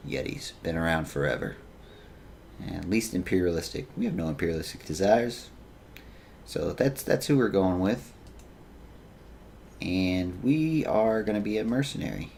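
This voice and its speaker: Deep gravelly man playing a game. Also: animated, unhurried, pauses often, darkish tone, slight background noise. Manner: joking, self-mocking asides while reading game text aloud. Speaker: gaming YouTuber. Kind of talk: let's play commentary.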